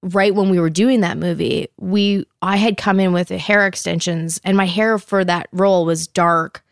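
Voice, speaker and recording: A woman in her thirties tells stories in a casual chat, scattering "like" through every sentence and acting out each quote. Her voice sits at a middling pitch. It is recorded close on a mic in a dry room with no echo. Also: moderate pace, gravelly. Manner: animated storyteller, heavy "like", acts out quotes.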